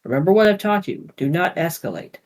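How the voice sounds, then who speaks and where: A reader voicing a huge, calm male ogre who commands a garrison and speaks in a measured way. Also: medium pitch, lightly acted. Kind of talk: amateur audio drama reading.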